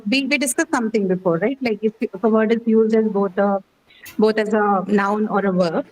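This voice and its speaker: A woman's voice: a little high, darkish tone, slight background noise, poor audio. A woman teaching pronunciation in an online class, patient and step by step, repeating words and asking "okay?". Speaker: English teacher.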